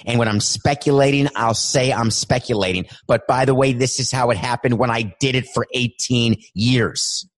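A man's voice: mid-range voice, steady tone, normal speed, few pauses. A man hosting his own podcast, talking solo in a worked-up, emphatic way and stretching words for emphasis. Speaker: podcast host. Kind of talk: energetic solo podcast monologue.

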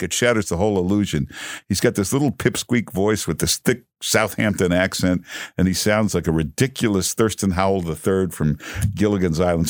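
A man's voice: sits low, no room sound, studio quality. A man guest-hosting a political talk radio show, delivering an emphatic, repetitive monologue full of filler sounds.

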